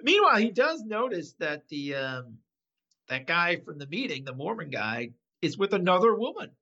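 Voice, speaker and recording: A man with a gravelly, bright voice rambles through a story, his pitch swinging widely. He talks in casual chat and laughs often. The recording sounds a little dull and lo-fi. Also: normal speed. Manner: rambling, animated retelling with frequent laughter. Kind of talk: casual chat recapping an episode.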